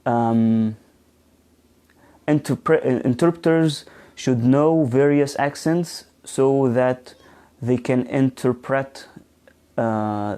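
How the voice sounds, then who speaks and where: Slow, mellow-voiced man teaching online. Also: medium pitch. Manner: slow, with frequent ums and restarts, reads out viewer comments. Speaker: English teacher trainer. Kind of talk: live online teaching session.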